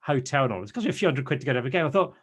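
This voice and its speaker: A man in his thirties, a podcast guest, telling stories in an animated, ranting way. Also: medium pitch, very fast, husky. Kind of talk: casual chat.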